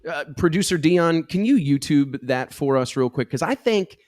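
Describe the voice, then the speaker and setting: A man's voice: on the high side, lively intonation, moderate pace, darkish tone, dry recording. A middle-aged man hosting a casual drag racing talk show, enthusiastically running through race stats. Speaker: show host.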